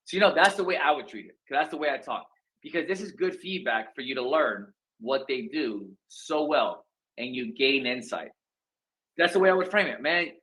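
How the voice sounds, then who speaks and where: A man coaching real estate agents in loose, slangy talk. He sits at a middle pitch and leaps upward when he acts out lines from his phone scripts. The delivery is lively and informal. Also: moderate pace, rough recording.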